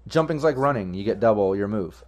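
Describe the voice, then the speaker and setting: A man's voice: lowish voice, expressive, fairly quick, a little mellow. A man running a tabletop game as game master, rambling with fillers and restarts.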